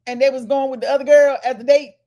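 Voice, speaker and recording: A woman, co-hosting a casual chat and telling stories in an animated way, laughing often. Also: sits high, fast, lo-fi sound, crowd noise. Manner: animated storytelling, laughing, loud retorts. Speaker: podcast co-host.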